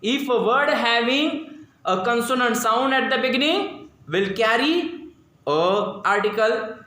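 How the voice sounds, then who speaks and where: A male school teacher with an Indian English accent giving a slow, repetitive grammar lesson in a classroom, drilling pronunciation aloud. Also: very high-pitched, expressive, pushed and bright. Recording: echoey classroom, very roomy.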